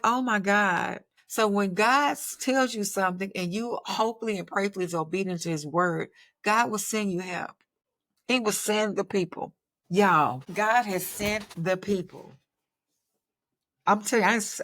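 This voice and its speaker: A woman's voice: lowish voice, a bit bright, no room sound. A woman talking to her viewers about her faith, emphatic and preachy, often asking "right?" and saying "y'all". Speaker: faith vlogger and filmmaker. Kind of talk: casual faith talk to viewers.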